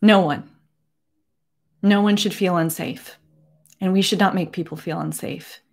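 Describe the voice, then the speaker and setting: A woman in her forties speaking earnestly to camera from her home, emotional and holding back tears, with many halting restarts. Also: lowish voice, fairly even intonation, vocal fry. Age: 40s. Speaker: beauty vlogger. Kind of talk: personal address to camera.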